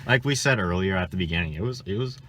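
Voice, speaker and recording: Laid-back young man with a lowish voice. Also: animated, quick pace, a bit bright. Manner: laid-back, short replies, laughs along. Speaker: co-host. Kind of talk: casual chat.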